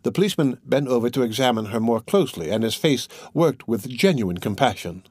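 A man's voice: medium pitch, lively intonation, brisk, a little mellow, husky, dry recording, studio quality. Man narrating a classic novel. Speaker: audiobook narrator.

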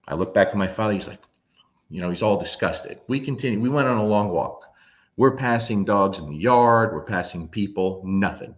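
Blunt low-voiced man in his fifties. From New Jersey. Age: 50s. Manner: blunt, emphatic, swears freely. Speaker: dog trainer. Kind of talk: casual storytelling monologue.

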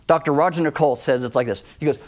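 A man's voice: a little high, very fast, darkish tone. A man preaching a sermon as pastor, emphatic, and he acts out the voices of people he quotes. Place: church.

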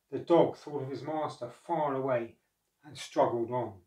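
A man narrating a storybook, measured and expressive. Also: mid-range voice. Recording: echoey room, far from mic.

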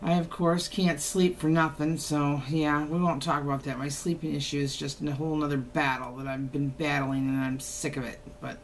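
A woman's voice: low voice, little pitch movement, normal speed, hardly any pauses, a little hiss or hum. An older woman, chatting casually to camera at home in a teasing, folksy way. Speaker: haul vlogger. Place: home, indoors.

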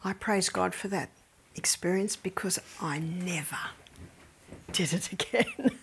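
A woman's voice: on the low side, animated, takes it slowly, slight background noise. A middle-aged woman gives a faith-based health lecture, telling stories with animation and often dropping to near-whispers.

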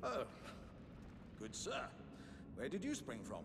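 A man's voice: mid-range voice, wildly swooping pitch, slow, a bit bright, slight background noise, heavily acted. An actor playing a polite male character in a fantasy video game, speaking with old-fashioned courtesy. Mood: puzzled.

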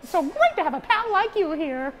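Mickey Mouse. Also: male voice, very animated, fairly quick, fairly bright tone, slight background noise, exaggerated voice. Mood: cheerful. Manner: chipper falsetto greeting. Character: cheerful squeaky boy mouse.

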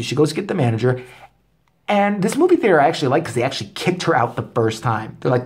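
A man's voice: fairly high pitch, sing-song, fast talker, slight background noise. A man telling an angry story as a vlog rant, cursing constantly and getting worked up. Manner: angry, expletive-heavy storytelling. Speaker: vlogger. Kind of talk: profane comedic rant.

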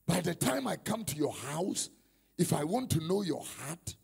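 Ghanaian male preacher, sermon, high voice, gravelly, shouting bursts. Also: very animated, measured pace. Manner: bursts into shouting, mixing Twi and English. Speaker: prophet. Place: conference hall.

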